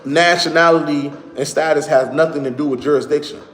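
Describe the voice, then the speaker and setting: A man's voice: on the high side, fairly even intonation, brisk, a bit bright. A man explaining things to his viewers in a casual monologue. He talks conversationally, repeats his points and speaks to the audience directly. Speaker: online commentator. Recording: echoey room.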